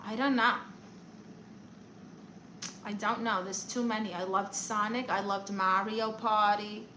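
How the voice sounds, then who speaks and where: A woman's voice: mid-range voice, steady tone, pushed and bright, a little hiss or hum, poor audio. A young woman from Brooklyn with a New York accent, reading viewer comments aloud and answering them in a sassy, playful way on a casual home live stream. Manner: sassy, playful, quick comebacks.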